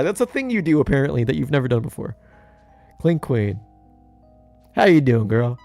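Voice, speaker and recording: A young man giving jokey commentary over a video game playthrough, talking to his characters with big swings in pitch. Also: animated, normal speed, gravelly, pauses often, no echo, clean studio sound, soft background music. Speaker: gaming YouTuber.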